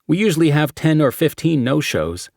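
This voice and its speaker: A man's voice: on the high side, very animated, moderate pace, gravelly, no room sound, studio quality, voice pushed up, exaggerated voice. A man voicing an obliging young woman ticket clerk in an audiobook, with a cheerful manner.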